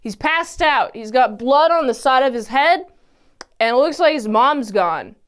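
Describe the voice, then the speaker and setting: Woman, high voice, casual and expressive TV recap host who jumps in and out of character voices. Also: a little slow, clean tone. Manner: animated, exclamatory, acts out characters' lines. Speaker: TV episode reviewer.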